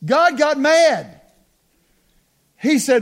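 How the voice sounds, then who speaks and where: A middle-aged man preaching a sermon, calling on the congregation to respond, slowing down to stress key words and dropping into quiet asides. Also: very high-pitched, expressive. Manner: call-and-response preaching, slows for emphasis, drops to hushed asides.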